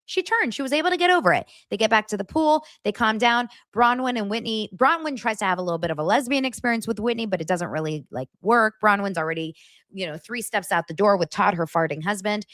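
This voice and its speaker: A woman hosting a podcast, recapping reality TV in a casual, gossipy way and slipping into high mimicking voices. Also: animated, fast, a bit bright, no echo, clean studio sound. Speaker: podcast host.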